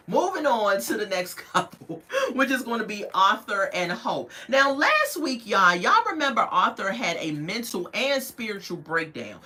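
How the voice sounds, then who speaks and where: A woman's voice: medium pitch, pushed and bright, low-quality recording. A woman recapping a reality TV episode in casual chat, telling it as a story and acting out the people she quotes with playful asides.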